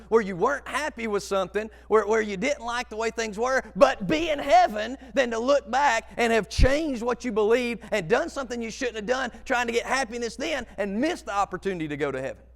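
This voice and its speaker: A man's voice: high voice, creaky. A man preaching at a youth conference, telling a personal story earnestly and acting out the dialogue. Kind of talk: sermon told as a personal story. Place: large hall at a youth conference. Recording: long hall reverb.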